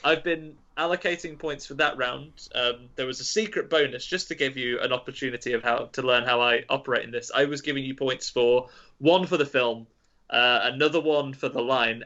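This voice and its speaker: A man with a bright, forward voice hosts a podcast quiz, reading out scores and walking players through the rules. The audio is a little dull and lo-fi. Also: medium pitch, fairly even intonation, fairly quick. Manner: explains rules at length, laughs often. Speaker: quiz master.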